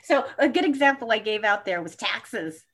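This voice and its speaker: A woman's voice: medium pitch, expressive, normal speed, fairly bright tone. A woman who reads astrology charts, answering audience questions in a live talk and acting out her own reactions. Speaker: astrology reader, co-host.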